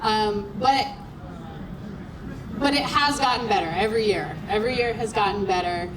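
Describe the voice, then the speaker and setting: A woman's voice: mid-range voice, normal speed. A woman answering questions as a panel guest, speaking thoughtfully with some hesitation. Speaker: panel guest, event co-founder. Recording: distant mic with clear noise.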